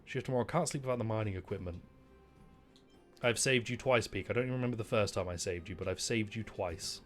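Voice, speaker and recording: A man's voice: on the low side, fast, soft background music. Wry British man streaming a game. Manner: wry, mock-indignant, reads game dialogue aloud. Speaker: gaming streamer. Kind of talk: casual gameplay commentary.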